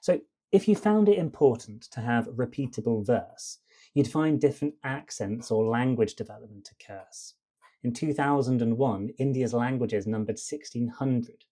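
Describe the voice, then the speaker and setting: Guy doing spoken word poetry on a podcast, rhymey and on the beat, warm dark tone, leans hard on stressed syllables. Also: mid-range voice, normal speed. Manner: rhyming, beat-driven delivery with emphatic stresses. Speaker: podcast host.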